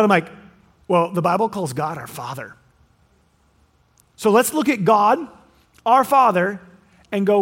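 Pastor guy preaching, really high voice for a man, acts out lines, trips over his words and restarts. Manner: animated, acts out quoted voices, frequent restarts. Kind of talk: sermon.

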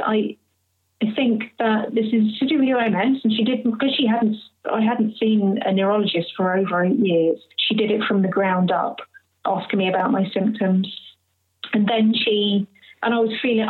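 Woman telling her story over a tinny line. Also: medium pitch. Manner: candid, emotional, acts out others' speech. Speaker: interview guest. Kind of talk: personal storytelling in a conversation. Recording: phone-like narrow audio.

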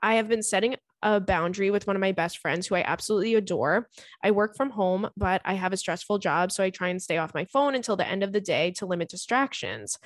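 A woman, hosting a podcast and reading listener stories aloud in an animated, swearing, laughing way. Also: mid-range voice, fast talker, no echo, studio quality. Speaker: podcast host.

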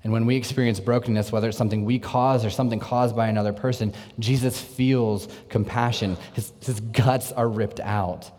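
A man preaching a sermon in an earnest way, moving between lively bursts and hushed, intense passages. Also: medium pitch, normal speed, few pauses. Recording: long reverb, echoey hall.

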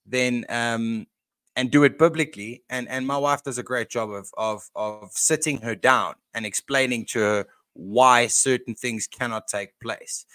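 A man's voice: medium pitch, fairly even intonation, a little slow, bright, forceful tone, smooth, dry recording. A man who is a guest on a podcast, speaking bluntly and often repeating words as he starts a thought. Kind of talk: casual podcast chat.

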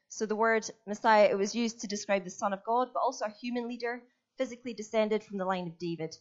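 A woman's voice: mid-range voice, fast, muffled recording. A woman preaching a sermon in a chatty, self-deprecating storytelling manner.

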